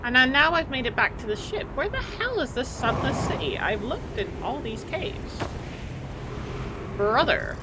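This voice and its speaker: A woman streamer with a high-sitting, unhurried voice chats casually while she plays, thinking aloud and getting flustered. A steady background noise runs through the live gameplay commentary.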